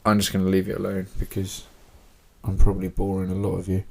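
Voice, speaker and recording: Gravelly man rambling casually. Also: low-pitched, monotone, fast talker, a little mellow. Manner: chatty, rambling, swears casually. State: yawning. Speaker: podcast host. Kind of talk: casual solo podcast monologue.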